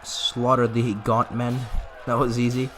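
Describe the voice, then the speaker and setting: A man's voice: mid-range voice, flat delivery, a bit bright, faint music behind. A man in the middle of his vocal range talks his viewers through a strategy game session, loose and jokey. He leans on sarcasm and stretches out words in mock mourning, with a playful, offhand edge throughout. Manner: joking, sarcastic, with drawn-out mock grief. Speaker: gaming channel host. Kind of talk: let's play commentary.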